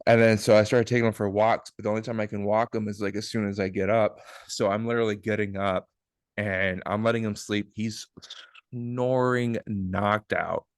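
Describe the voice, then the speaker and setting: Man, podcast host, low voice, dry close sound, joking, rambling casual chat. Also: flat delivery, moderate pace, clean tone, no echo.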